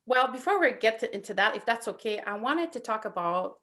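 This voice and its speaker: A woman with a thick French accent, co-hosting a casual chat and telling animated, self-deprecating stories. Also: a little high, a little fast. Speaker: podcast co-host.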